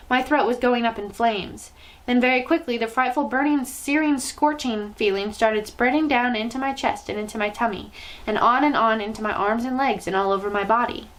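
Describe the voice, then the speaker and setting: A woman reading a children's novel aloud with expressive, dramatic storytelling. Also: fairly high pitch, normal speed, poor audio.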